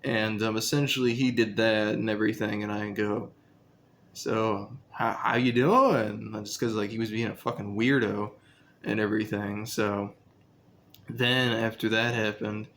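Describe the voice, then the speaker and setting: A man's voice: on the low side, level tone, normal speed, a bit bright, slight background noise. A young man casually telling a story about his school days, rambling and profane, with lots of fillers.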